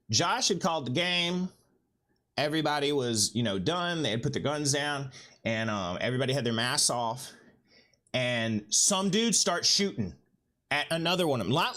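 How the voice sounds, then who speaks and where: Animated man telling a story. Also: mid-range voice. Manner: profane, animated anecdote-telling with quoted voices. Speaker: livestream host. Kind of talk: casual storytelling.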